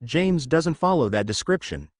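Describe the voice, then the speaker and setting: A male reader gives voice to a cheeky young godfather who boasts with self-satisfied charm. The reading moves lively in pitch and sounds dry and close. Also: moderate pace, no room sound.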